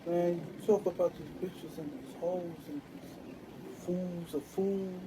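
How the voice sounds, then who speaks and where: A man's voice: high-pitched, fairly even intonation, slow, background noise. A man delivering a rambling monologue to camera, drifting through loose stream-of-consciousness musings.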